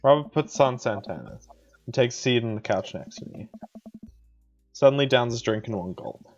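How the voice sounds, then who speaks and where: A man reads a game's narration aloud on a live stream in an even, mid-pitched voice. The recording sounds slightly dull and lo-fi. Faint music plays behind him. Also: moderate pace. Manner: reads narration evenly, breaks into laughs. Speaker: streamer reading a game aloud. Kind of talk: reading game narration and chatting.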